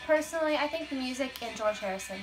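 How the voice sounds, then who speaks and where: A woman's voice: sits high, animated, quick pace, music in the background. A teenage girl in casual chat, answering questions with lots of fillers and giggles. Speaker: guest answering tag questions.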